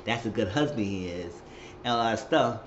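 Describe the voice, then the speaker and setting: A man with a fairly low voice, speaking at normal speed, recaps a TV episode in casual slang, retelling scenes with plenty of exclamations. The recording sounds roomy and dull, with faint hiss.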